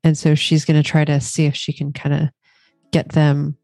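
A woman's voice: deep voice, monotone, normal speed, dark tone, dry recording, studio quality, faint music behind. A woman playing a tabletop game, describing her character's actions tentatively. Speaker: player. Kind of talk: casual play at the table.

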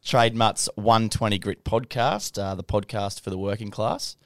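A man's voice: fairly low pitch, steady tone, moderate pace, dry recording, studio quality. A man hosting a podcast, friendly and easygoing in casual chat. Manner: friendly, easygoing, Aussie slang. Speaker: podcast host. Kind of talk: casual interview.

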